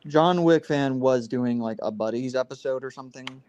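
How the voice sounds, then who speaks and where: A man's voice: medium pitch, moderate pace, a little mellow, lo-fi sound, slight background noise. A man in his twenties on a casual live stream, talking earnestly and rambling with many restarts, heard over a video call. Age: 20s.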